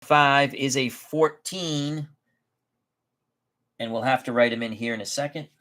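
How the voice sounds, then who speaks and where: A sharp-toned man with a voice in the middle range narrates a tabletop baseball game he's running, keeping things conversational and unhurried while amending his own remarks.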